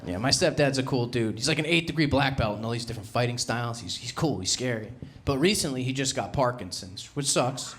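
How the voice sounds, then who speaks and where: A young man from New Jersey with a Jersey accent, doing a brash, self-mocking stand-up set and punching out loud acted-out quotes. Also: medium pitch, animated, fairly quick, few pauses. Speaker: stand-up comedian. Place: comedy club stage. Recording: live room with audible crowd noise. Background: audience laughter.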